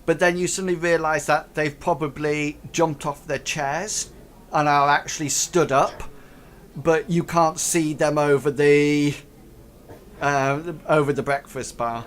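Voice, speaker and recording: A man running a tabletop game as game master, talking haltingly with many ums and restarts. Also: on the high side, steady tone, fairly bright tone, a little hiss or hum.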